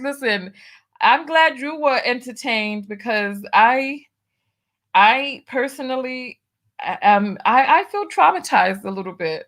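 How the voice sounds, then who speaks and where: Slow-talking woman streaming host. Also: fairly high pitch, lively intonation, a bit bright. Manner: drawling, exclamatory, reads viewer comments aloud. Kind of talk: live-stream casual chat.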